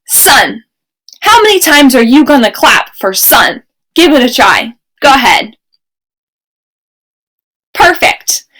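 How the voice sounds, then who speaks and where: A young woman teaching a remote kindergarten lesson, speaking slowly and clearly in an encouraging teacher voice. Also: sits high, sharp tone, poor audio.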